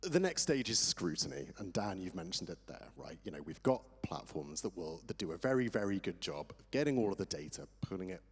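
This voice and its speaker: A man's voice: sits low, very animated, a little fast, hardly any pauses, husky. A middle-aged man on a conference panel, talking about tax in a chatty, enthusiastic way that sometimes loses its thread. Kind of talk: panel discussion. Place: conference hall. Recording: long hall reverb.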